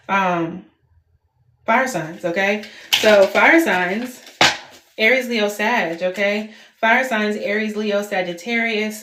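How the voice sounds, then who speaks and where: A woman's voice: mid-range voice, background noise. A woman in her twenties doing a casual tarot reading, talking straight to her viewers and tagging her sentences with "okay?". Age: 20s. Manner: chatty, addresses viewers as y'all, frequent "okay?" tags. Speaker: tarot reader. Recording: echoey room.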